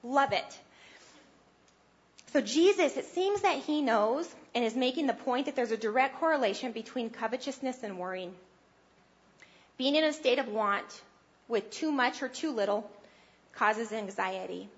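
A woman with a high voice preaches a sermon in an earnest, conversational way, lifting her voice to press a point home. The sound is dull and low-fidelity. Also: lively intonation, a little slow, pauses often. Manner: earnest and conversational, rising with emphasis.

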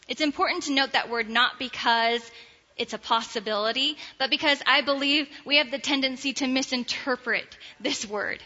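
A woman preaching a sermon, slow and deliberate, reading scripture aloud. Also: high-pitched, sharp tone. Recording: dull sound, long hall reverb.

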